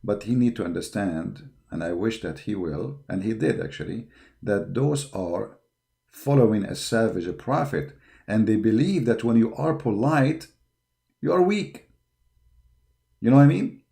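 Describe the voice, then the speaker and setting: A man's voice: fairly low pitch, animated, normal speed, vocal fry, dark tone. A man hosting an online show, delivering a combative, impassioned monologue full of repeated words and fillers. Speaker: online apologetics show host.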